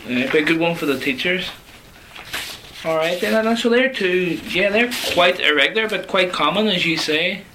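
Bright-voiced host. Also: male voice, sits high, lively intonation, normal speed, a little hiss or hum, low-quality recording. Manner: chatty, prompts with short questions and agreement. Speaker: radio host. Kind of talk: casual co-host chat.

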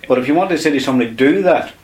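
A man's voice: mid-range voice, expressive, racing, a little mellow. A man teaching a language lesson on air, explaining patiently step by step and repeating key words.

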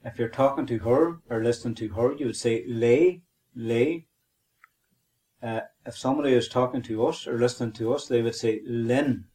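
A man's voice: medium pitch, fairly even intonation, brisk, hardly any pauses, darkish tone. A man with a Northern Irish accent co-hosting a podcast, teaching a language lesson methodically and spelling and repeating words.

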